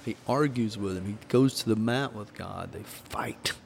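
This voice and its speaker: A podcast host, once a minister, opens up about grief through earnest, preacherly storytelling in a candid conversation. His voice is on the low side, creaky and darkish in tone, at a moderate pace, with slight background noise.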